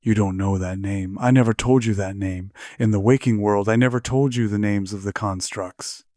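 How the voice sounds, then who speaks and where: A man's voice: on the low side, steady tone, moderate pace, darkish tone, no echo, studio quality, close to an everyday voice. A man voicing a frightened young woman whose voice is tight and on edge. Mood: alarmed.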